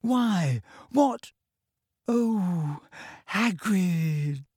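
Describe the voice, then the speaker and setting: A man voicing a frightened teenage schoolgirl witch who speaks in a shrill, anxious whisper and turns sarcastic. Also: animated, unhurried, a little mellow, slightly rough, no echo, studio quality, full character voice.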